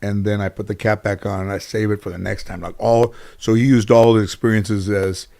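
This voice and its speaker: A man's voice: fairly low pitch, level tone, a little fast, creaky, dark tone. A man sits as an interview guest and tells long, winding stories. He talks in a loose, casual way, full of restarts and "you know" fillers. He acts out other people's lines as he goes. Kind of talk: casual anecdotal storytelling.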